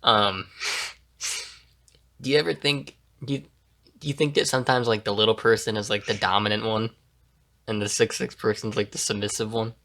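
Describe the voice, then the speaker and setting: A man's voice: on the low side, fairly even intonation, normal speed, pauses often, pushed and bright. A man co-hosting a casual podcast, swearing freely and laughing often. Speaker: podcast co-host. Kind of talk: casual chat.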